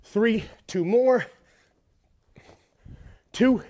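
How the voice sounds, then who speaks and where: A man's voice: high voice, drawn-out words, mellow. A man working as a fitness trainer, counting reps aloud and giving upbeat, encouraging cues while he exercises along. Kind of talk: workout coaching.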